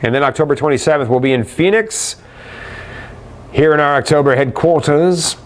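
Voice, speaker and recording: A man's voice: on the high side, normal speed. A middle-aged man hosting a live webcast, chatty and upbeat as he answers viewer questions and calls them guys.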